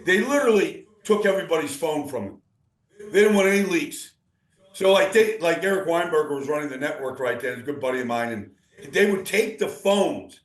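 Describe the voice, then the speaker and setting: A man talking as a football analyst guest, rambling and animated, with many restarts. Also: on the high side, fairly quick, reverberant, poor audio. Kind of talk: casual sports talk.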